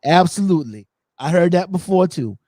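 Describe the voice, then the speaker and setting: A man hosting a podcast, telling stories in a lively way and acting out the quotes. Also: high voice, moderate pace, no room sound, studio quality. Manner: animated storytelling, acts out quotes. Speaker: podcast host. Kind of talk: casual chat.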